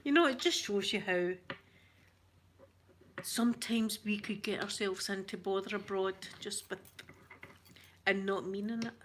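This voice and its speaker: A woman's voice: mid-range voice, a little slow, long pauses, a bit bright, slight background noise. A middle-aged Scottish woman from Scotland, chatting casually to her viewers as an ASMR vlogger and telling stories in a talkative way. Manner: chatty storyteller, addresses viewers as "yous".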